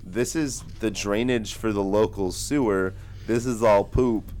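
A man voicing a grown male police officer who scolds a group of kids with drawn-out questions. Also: medium pitch, a little hiss or hum. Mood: scolding.

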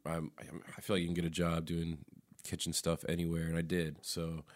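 Laid-back deep-voiced man, dry close sound. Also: monotone, moderate pace, no room sound. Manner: laid-back, lots of fillers and laughs. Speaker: comedian guest. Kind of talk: casual podcast chat.

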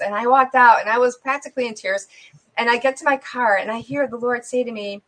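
A woman who is a guest on a talk show, telling a personal faith story in a loose, conversational way and acting out the dialogue with big jumps in pitch and loudness. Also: a little fast. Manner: loose and conversational, with many fillers.

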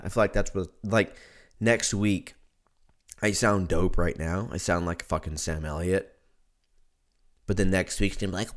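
Hoarse low-voiced dude rambling on his podcast, swears a lot, laughs at his own jokes. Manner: profane, joking, riffs with laughter. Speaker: podcast host. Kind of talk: casual podcast rant.

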